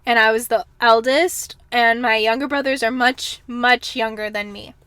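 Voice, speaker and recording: A woman's voice: on the high side, fairly even intonation, normal speed, fairly bright tone, clean tone, dry recording. A young woman hosting a casual solo podcast, reflecting candidly and chattily, her voice slightly worn as if she is losing it. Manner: chatty, candid, frequent ums and kinda. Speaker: podcast host.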